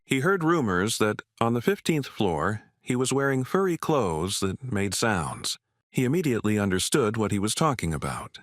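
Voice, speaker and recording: Low-voiced man narrating a story recap. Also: a bit bright, no room sound, clean studio sound.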